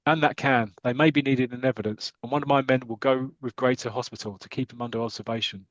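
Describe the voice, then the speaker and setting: A man's voice: medium pitch, steady tone, quick pace, no room sound, lo-fi sound, natural voice. Brief: male host as a stiff, official inspector, dry sound. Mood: officious. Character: formal middle-aged male police inspector.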